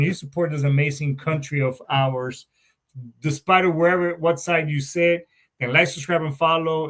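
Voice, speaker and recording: A man's voice: on the high side, pushed and bright. A man hosting a veterans podcast, talking in a profane, rambling, jokey way with a Southern accent. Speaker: podcast host. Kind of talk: casual podcast chat.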